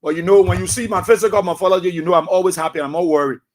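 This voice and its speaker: A man's voice: high voice, fairly even intonation, racing. A middle-aged man with a Liberian English accent, hosting a radio talk show with emphatic, repetitive commentary. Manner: emphatic, repetitive, swings between soft asides and loud outbursts.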